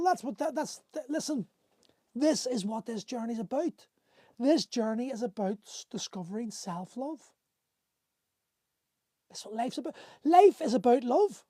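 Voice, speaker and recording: A man in his forties talks earnestly to his live viewers, circling back and restarting his sentences as he goes. His voice is mellow and soft-edged. The sound is close and dry, with no room echo. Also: extremely high pitch. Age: 40s. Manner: earnest and rambling, with many restarts, answering viewer comments. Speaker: host of a men's coaching livestream. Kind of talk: impassioned motivational talk to live viewers. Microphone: phone or webcam on a livestream.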